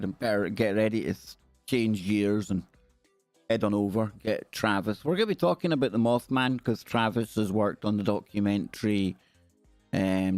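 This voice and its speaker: A Scottish man rambles and jokes his way through a live stream in a mid-pitched voice. His voice is close and dry, with faint music running behind him. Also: a little mellow, no echo. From Scotland. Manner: chatty, jokey, rambling. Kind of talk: casual live-stream chat.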